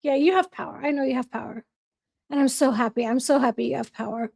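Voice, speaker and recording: Woman, high voice, livestream host, casual chat, bubbly, reads comments and greets viewers by name. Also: fairly even intonation, fast, vocal fry, a little mellow. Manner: laughs easily, bubbly.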